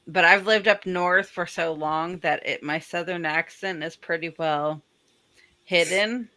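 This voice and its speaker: A woman's voice: lowish voice, a little slow, sharp tone. A woman from the southern US, chatting casually in a chatty, matter-of-fact way on a podcast. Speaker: podcast guest. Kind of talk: casual chat.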